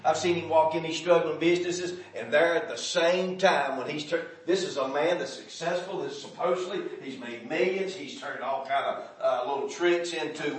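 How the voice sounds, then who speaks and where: A man's voice: a little high, moderate pace, few pauses. A man preaching a sermon in folksy, plain-spoken speech. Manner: folksy, dialect grammar, builds from hush to shouting. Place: church. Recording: echoey hall from far off.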